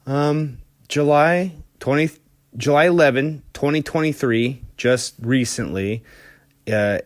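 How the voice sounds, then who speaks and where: A man's voice: on the low side, dry recording, clean studio sound. A man hosting a podcast, telling a rock story in a loose, casual way with lots of fillers and the odd curse. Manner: loose and profane, many fillers and restarts. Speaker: podcast host.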